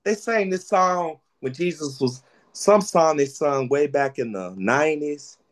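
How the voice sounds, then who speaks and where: A man preaching a sermon, lively and preacherly, repeating phrases for emphasis. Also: a little high, unhurried.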